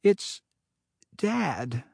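A man's voice: fairly high pitch, big pitch swings, very slow, vocal fry, darkish tone, breathy edge, no room sound, clean studio sound, pitched above the performer's own voice, exaggerated voice. A man doing a tearful stammering mother. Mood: grieving. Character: grieving mother breaking bad news.

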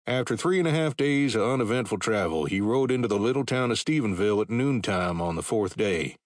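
A man reading a western novel aloud as narrator, steady and measured. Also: lowish voice, dry recording, studio quality. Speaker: audiobook narrator. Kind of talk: scripted narration.

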